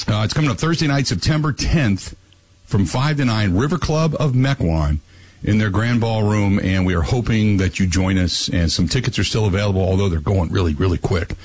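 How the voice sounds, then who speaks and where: A man's voice: lowish voice, fairly quick, darkish tone, rough recording. A man hosting a sports talk radio show, ranting with emphatic repetition.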